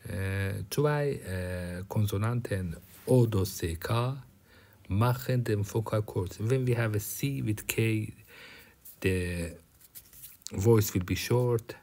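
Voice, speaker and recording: A man whose first language is Persian works slowly through a German lecture, halting with fillers and restarts. His voice is low and dark, sometimes dropping nearly to a whisper. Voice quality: drops to a whisper at times. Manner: halting, many fillers and restarts, switching between German and English. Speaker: language teacher.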